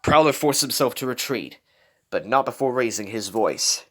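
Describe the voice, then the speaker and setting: A man's voice: mid-range voice, lively intonation, normal speed, music in the background. A man reading a fan story aloud, telling it dramatically with small slips. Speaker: reader.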